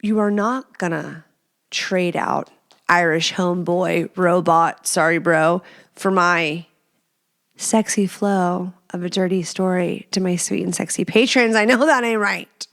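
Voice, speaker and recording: A woman's voice: on the low side, fairly even intonation, fairly bright tone. Blunt, crude-talking woman podcast host. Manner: blunt, crude and chatty, with drawn-out emphasis. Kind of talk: casual podcast monologue.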